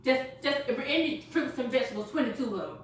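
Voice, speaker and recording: A woman giving an energetic, chatty sales pitch to a small live group, laughing and quizzing her listeners. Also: quick pace, a little hiss or hum. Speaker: product presenter. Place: echoey room with a small live audience. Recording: echoey room from far off.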